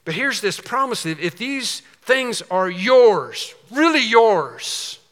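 Bright-voiced preacher in a reverberant hall. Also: male voice, high voice, sing-song, takes it slowly. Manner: emphatic preaching with rhetorical questions and answers. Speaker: pastor. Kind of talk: expository sermon.

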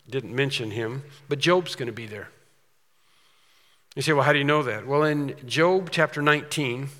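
A man preaches with a bright, forceful voice that carries a long reverb, as if in a big church sanctuary. He talks conversationally, restarting his sentences, and slows down when he reads scripture aloud. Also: mid-range voice. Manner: conversational, with repeated restarts and dramatic slowed scripture reading. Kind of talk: sermon.

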